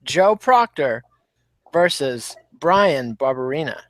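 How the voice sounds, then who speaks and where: A man hosting a fight podcast with a slightly high voice, recorded close and dry with no room sound. He moves briskly through the fight list. His asides are wry. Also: animated, a bit bright, no echo. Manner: runs the card, brisk and wry. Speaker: podcast host. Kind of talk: casual chat.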